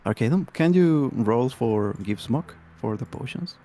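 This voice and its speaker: A man's voice: medium pitch, animated, unhurried, dark tone, slight background noise. A man playing a tabletop game, playful and often laughing. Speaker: player. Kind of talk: casual tabletop game chat.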